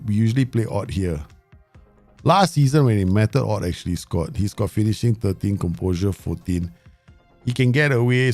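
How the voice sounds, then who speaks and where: A man hosting his gaming channel, giving live commentary and talking to himself and the viewers in an excitable way. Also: lowish voice. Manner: excitable, talks to himself and the viewers, frequent laughs.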